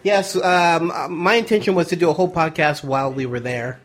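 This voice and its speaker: A man's voice: fairly high pitch, brisk, fairly bright tone. A man hosting a podcast, chatting casually, laughing easily and reading out listener emails. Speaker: podcast host.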